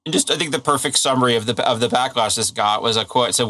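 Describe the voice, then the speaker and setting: A man's voice: mid-range voice, quick pace, hardly any pauses, sharp tone. A man co-hosting a podcast, casually recapping a story with wry, dry jokes. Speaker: podcast co-host. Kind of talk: casual chat.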